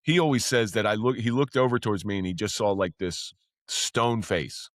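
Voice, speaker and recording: A man who used to be a police officer, a podcast guest telling stories in casual talk. He speaks candidly, swears freely, and his voice jumps up when he gets excited. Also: lowish voice, normal speed, dry recording, studio quality. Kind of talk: casual storytelling.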